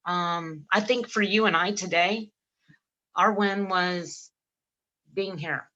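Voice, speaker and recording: Bright-voiced woman telling lively stories. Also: on the low side, slow pace, highs cut off. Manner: animated storyteller acting out dialogue; laughs often mid-sentence. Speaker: podcast co-host. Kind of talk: casual podcast chat.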